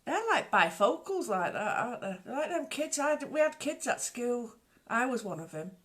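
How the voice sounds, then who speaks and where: A woman chatting on a home webcam livestream. She rambles cheerfully and reels off viewers' names, her voice a touch high and very bright. Every now and then she drops to a whisper. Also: very animated, moderate pace. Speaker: livestream host greeting viewers. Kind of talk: casual live chat.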